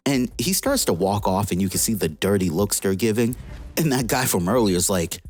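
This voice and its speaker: Deep, lively comic book reviewer. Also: female voice, normal speed, slightly rough, faint music behind. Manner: excited, slangy retelling. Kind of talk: casual comic recap.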